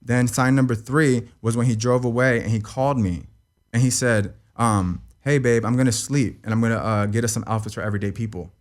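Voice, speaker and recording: The young man being interviewed has a mid-range voice with fairly even intonation and speaks a little fast as he relates a painful personal story. It's an emotional account, rambling and repetitive, with swearing and frequent "you know what I mean."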